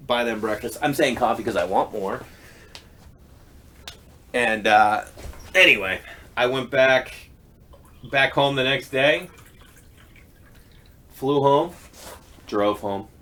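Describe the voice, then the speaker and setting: A man's voice: mid-range voice, fairly bright tone. A man hosting a podcast, telling a story in a casual, rambling monologue full of asides and self-interruptions. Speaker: podcast host.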